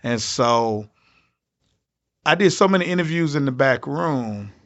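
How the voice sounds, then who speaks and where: A man's voice: mid-range voice, lively intonation, a little slow. A man, a comedian guest, telling a story in a podcast interview, acting out other people's lines with big jumps in his voice. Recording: slightly dull lo-fi audio.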